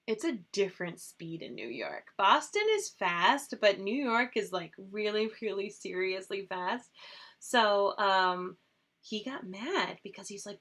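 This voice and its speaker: A woman's voice: medium pitch, fairly bright tone. A woman hosting a casual makeup livestream, chatting and rambling with lots of fillers. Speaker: host.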